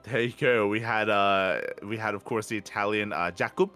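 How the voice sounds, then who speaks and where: A man's voice: fairly low pitch, normal speed, sharp tone, soft background music. A man co-hosting an esports podcast, recapping match results in a laid-back way with many fillers. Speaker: podcast co-host.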